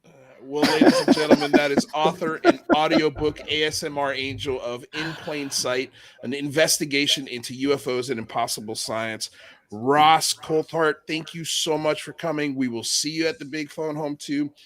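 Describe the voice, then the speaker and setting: A man with a fairly high voice hosts a casual livestream chat. He is effusive and playful, heaping praise and joking freely, and his enthusiasm runs through everything he says. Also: moderate pace, a bit bright. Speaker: podcast host.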